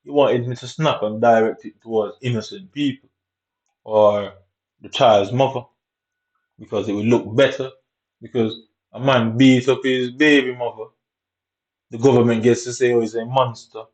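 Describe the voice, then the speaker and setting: A man's voice: mid-range voice, steady tone, moderate pace, long pauses, darkish tone. Profane ranting man with Jamaican accent. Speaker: gamer. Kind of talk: angry ranting commentary over gameplay.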